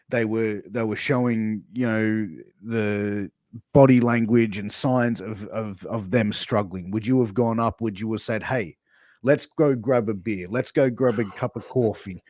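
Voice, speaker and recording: A man with a fairly low voice co-hosts a casual podcast and presses his partner with long, searching questions that pile up clause by clause. He is recorded close up and dry. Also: unhurried, darkish tone, dry recording. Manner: probing, asks long layered questions. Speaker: podcast co-host.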